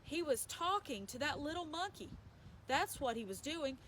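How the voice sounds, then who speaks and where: A woman reading a young country boy's lines in a storybook, hushed and whispering, nervous but stubborn. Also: high-pitched, sing-song, normal speed, a little hiss or hum. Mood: amazed whisper.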